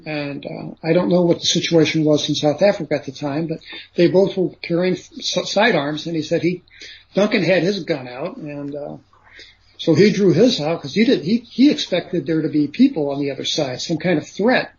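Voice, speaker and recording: A man with a fairly high voice, telling a long story to an interviewer. He rambles, stops on fillers and keeps adding "he says" asides. The sound is dull and lo-fi, like an old radio recording. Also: moderate pace, darkish tone, slight background noise. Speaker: interview guest. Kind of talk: recounting a story in conversation.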